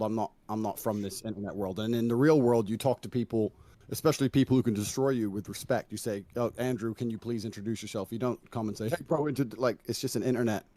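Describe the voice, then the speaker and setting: A brisk, dry-voiced man lecturing firmly. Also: medium pitch, darkish tone, no echo. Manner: measured, firm, lecturing about respect. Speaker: debate guest in a played clip. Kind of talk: online debate over a call.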